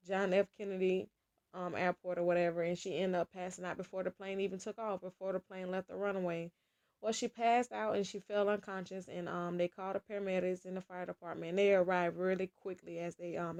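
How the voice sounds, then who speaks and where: Woman gossip vlogger, chatty, talks to her viewers like friends. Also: lowish voice. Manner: chatty, addresses viewers as y'all, laughs often. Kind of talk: casual gossip chat.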